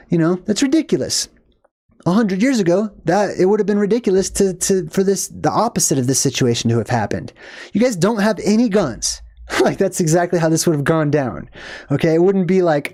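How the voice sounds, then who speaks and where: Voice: mid-range voice, animated, moderate pace, a little mellow. A commentator in their forties giving a casual, ranting movie commentary with emphatic opinions. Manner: ranting, emphatic, laughing asides.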